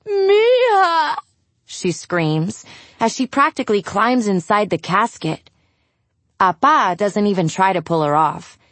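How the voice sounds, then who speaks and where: A woman's voice: mid-range voice, dry recording. A woman reading a first-person novel aloud in a blunt, wry, exasperated voice. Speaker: audiobook narrator.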